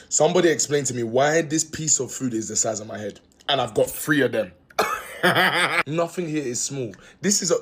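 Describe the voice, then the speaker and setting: A man's voice: medium pitch, husky. A man filming a comic eating vlog, exaggerated and jokey. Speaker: food vlogger.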